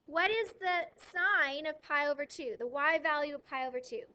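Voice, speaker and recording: A woman teaching a math class, lively, asking questions and answering them herself, with a touch of dry sarcasm. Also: sits high, moderate pace, lo-fi sound. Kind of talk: classroom lecture.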